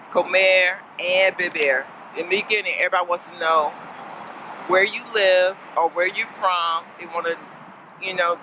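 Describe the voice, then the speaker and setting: A woman's voice: on the low side, background noise. A woman casually teaching a lesson as a fellow learner, chatty and playful, laughing often and slipping in Spanish words.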